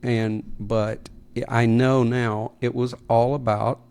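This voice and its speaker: A man's voice: mid-range voice, flat delivery, takes it slowly, creaky, darkish tone, clear, resonant tone. A middle-aged man co-hosting a podcast, telling stories in a sarcastic, casual way. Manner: sarcastic, storytelling. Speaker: podcast co-host. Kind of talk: casual conversation.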